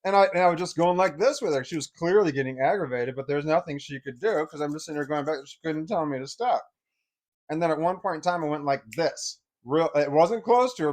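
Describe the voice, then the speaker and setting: A man's voice: on the high side, fast talker, darkish tone. A man telling a personal story in a casual, rambling way, full of fillers and repeating himself.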